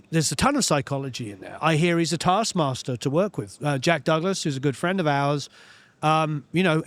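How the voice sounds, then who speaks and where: A man, a music producer telling studio stories in an interview, animated and full of "you know" fillers. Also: fairly high pitch, dry recording. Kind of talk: storytelling interview chat.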